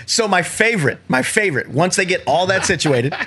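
A husky man tells a story on a casual podcast, his voice rising and falling widely as he acts out each character. He laughs often and keeps the tale bouncing along. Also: sits high, brisk. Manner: animated, laughing storyteller acting out people. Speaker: podcast co-host.

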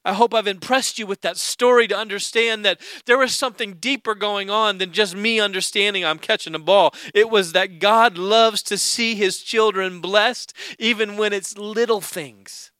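Middle-aged preacher guy, really high bright voice, super clear, dry close mic, acts out everybody in his story. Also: steady tone, moderate pace, few pauses, no room sound. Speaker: pastor. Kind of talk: sermon storytelling.

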